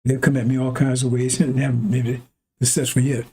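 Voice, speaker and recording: Male preacher, rambling and animated, husky and mellow. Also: mid-range voice, a little fast. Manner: animated, acts out arguments with God in a raised voice. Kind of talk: rambling sermon.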